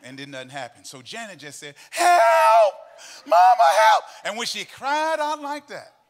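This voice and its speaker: A middle-aged man preaching a sermon in a church. He tells stories and breaks into sung, shouted cadences, with faint music behind him. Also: high voice, huge pitch swings, fairly quick. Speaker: pastor. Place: church sanctuary.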